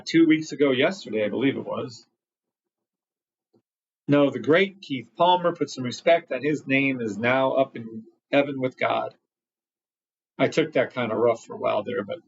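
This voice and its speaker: A man's voice: medium pitch, vocal fry, highs cut off, slight background noise. A man hosting a live trading stream, greeting chat by name and talking bluntly with lots of swearing. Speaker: livestream trading host. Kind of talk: live market commentary reading chat.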